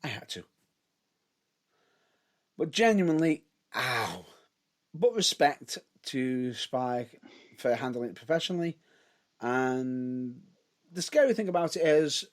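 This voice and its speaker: Male podcast co-host, casual chat, hedges a lot, lively bouncing pitch. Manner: hedging, restarts often, lively rises and drops.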